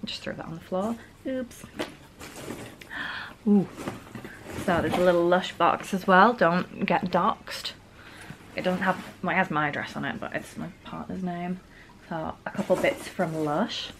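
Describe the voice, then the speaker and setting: A young woman with a Northern English accent talks through her presents in a chatty, gushing way with little laughs. Her voice sits on the low side, recorded on a camera at home with faint noise behind it. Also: moderate pace. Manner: chatty and gushing, giggly asides. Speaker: vlogger. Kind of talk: casual haul vlog. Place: home room. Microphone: camera on a stand.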